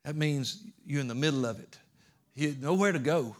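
A pastor preaching a sermon, telling a story that swings from hushed, low asides to emphatic, raised declarations. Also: male voice, fairly quick.

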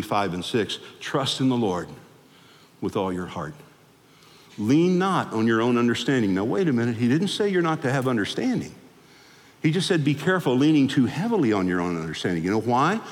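A male pastor delivers a sermon in a church sanctuary, his voice carried by a long hall reverb. He speaks at a middling pitch but swings it high and loud, then drops low and soft, whenever he acts out the people in his stories. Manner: animated, acts out quoted people in shifting voices.

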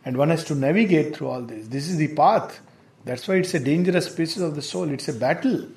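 A man giving a reflective spiritual lecture, measured and explanatory, with hesitations. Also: a little high, vocal fry, a little mellow. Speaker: spiritual teacher. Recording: roomy echo.

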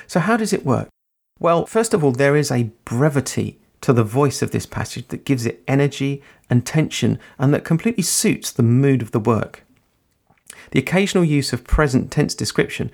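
Brief: male podcast host, gravelly voice, calm explanatory analysis of writing. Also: mid-range voice. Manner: measured, explanatory. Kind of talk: literary analysis talk.

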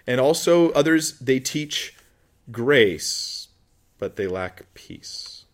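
A pastor preaches a sermon, working through a scripture passage in a relaxed, conversational manner and acting out the voices he quotes. He speaks at a medium pitch and extremely slowly.

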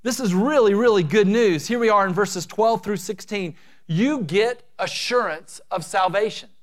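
A middle-aged male pastor preaching a sermon, swinging between loud, drawn-out emphasis and quiet, quick asides. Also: sits high.

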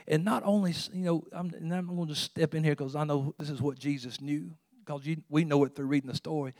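A man preaching a sermon as pastor. He swings from hushed, intimate talk to loud exclamations and often repeats words. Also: fairly high pitch, fairly even intonation, a little fast, few pauses, dry recording, studio quality.

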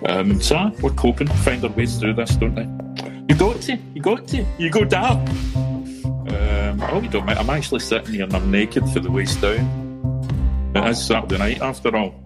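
Male guest, lively rambling joker, video-call sound with guitar behind. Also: lowish voice, moderate pace. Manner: chatty, joking, rambling. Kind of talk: casual chat on a video call.

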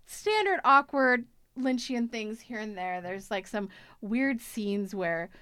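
A woman's voice: a little high, animated, slow pace, a bit bright, clean tone, no echo, clean studio sound. A woman co-hosting a film club podcast, talking casually about a movie in a rambling way full of likes and restarts.

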